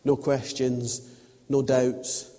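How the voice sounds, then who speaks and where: Male preacher, mellow, chatty sermon storyteller, long church echo. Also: medium pitch, little pitch movement, very slow. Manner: chatty storytelling with acted-out quotes.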